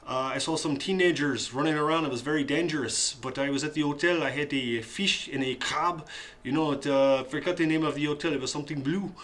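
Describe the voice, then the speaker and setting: A man doing a halting French traveler. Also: a little high, fairly bright tone, close to an everyday voice. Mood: fretful. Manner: hesitant, halting. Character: flustered French traveler, male.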